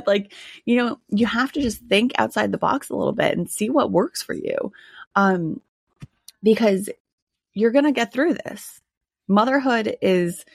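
A woman's voice: mid-range voice, gravelly, no echo, studio quality. A woman hosting her own podcast, talking candidly in a chatty way with frequent laughs and filler words. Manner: candid, chatty, laughs often, many ums. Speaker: podcast host. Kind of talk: casual solo podcast monologue.

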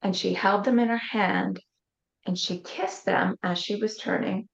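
A woman's voice: mid-range voice, steady tone, a little slow, creaky. A woman, a coach and interview guest, telling a personal story earnestly and acting out the voices she quotes. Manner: earnest, vivid retelling that acts out quoted voices. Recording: roomy, slightly dull sound.

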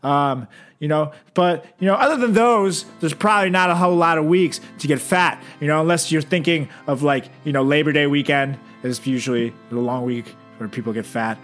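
A man with a fairly high voice rambles through casual podcast banter. He drifts between asides and fillers in a loose, easy way. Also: normal speed, fairly bright tone, faint music behind. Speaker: podcast co-host. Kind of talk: casual chat.

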